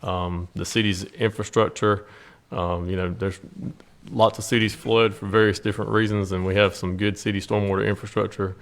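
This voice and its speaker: A man with a very low, gravelly voice addresses a council meeting. He speaks in a flat, measured way, pausing on frequent ums as he reports. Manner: measured, many filler ums. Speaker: city official reporting to council.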